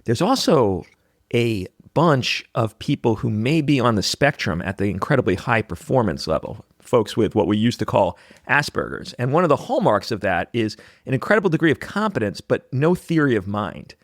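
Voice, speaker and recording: A man hosting a podcast interview, asking questions conversationally with some halting restarts. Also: medium pitch, very animated, no echo, clean studio sound. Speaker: podcast host.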